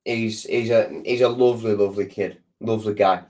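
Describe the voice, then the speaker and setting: A man's voice: on the low side, fairly even intonation, a little fast, darkish tone. A man with a sore throat, chatting casually on a live stream and answering viewers, rambling with lots of restarts and ums. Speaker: football fan channel host.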